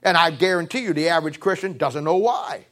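A man preaching with a high voice. He drives points home with repetition, climbing to raised emphasis and then dropping low. His delivery is a steady sermon cadence. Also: a little fast. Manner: repeats phrases, restarts.

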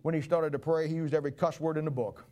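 A man's voice: fairly high pitch, flat delivery, fast talker, warm tone. A man preaching a folksy, conversational sermon and acting out Bible stories.

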